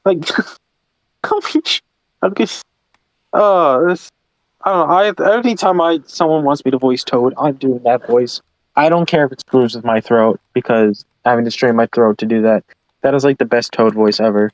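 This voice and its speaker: A man chatting casually with a friend while working, animated and laughing, often slipping into character voices. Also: medium pitch, a little fast, no room sound. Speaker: channel host.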